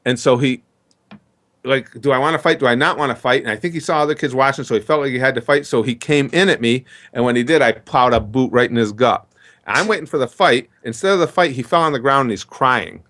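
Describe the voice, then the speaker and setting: A middle-aged man settles into a long, rambling story, acting out what everyone said. His pitch sits in an ordinary middle range, and the delivery stays chatty and unhurried. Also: a bit bright. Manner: chatty, rambling storyteller who acts out dialogue. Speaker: interview guest. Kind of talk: storytelling in a casual interview.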